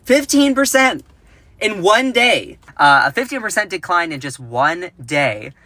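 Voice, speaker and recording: A man hosts a casual livestream, joking and giggling between news bits. His voice is bright and forceful, with a dry, close sound and no room around it. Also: high-pitched, big pitch swings, measured pace, no room sound. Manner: chatty and jokey, giggles at own jokes, reads out news. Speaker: livestream host. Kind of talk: casual political commentary livestream.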